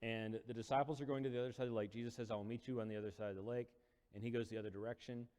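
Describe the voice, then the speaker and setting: A man's voice: medium pitch, fairly even intonation, racing, a little mellow, smooth. A male preacher retelling a Bible story in a casual, storytelling sermon, acting out quotes with rising intensity. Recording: long hall reverb.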